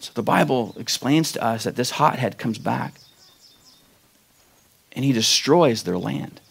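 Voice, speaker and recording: A man preaching a sermon, retelling a Bible story with acted-out quotes and loud, emphatic peaks. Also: medium pitch, lively intonation, measured pace, vocal fry, breathy edge. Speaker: pastor.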